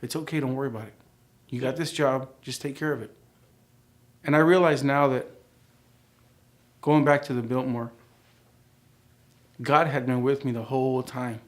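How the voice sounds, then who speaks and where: A man's voice: mid-range voice, steady tone, normal speed, long pauses. A middle-aged man telling his life story as a church testimony, acting out the dialogue as he goes. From United States.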